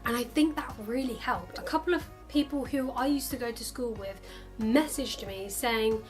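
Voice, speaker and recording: Young woman, vlogger, fairly high voice, chatty and upbeat, faint music behind. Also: normal speed. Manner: chatty, upbeat, acts out quoted lines in other voices. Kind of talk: casual chat to camera.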